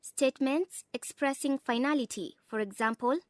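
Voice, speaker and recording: Slow, deliberate high-voiced woman teaching. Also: animated, dry recording, studio quality. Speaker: narrator. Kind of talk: scripted lesson narration.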